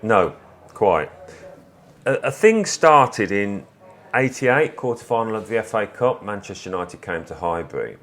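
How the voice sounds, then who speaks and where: An English man in his fifties, a former footballer, telling stories in a relaxed interview with small restarts. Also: lowish voice, unhurried. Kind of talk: reflective conversational storytelling.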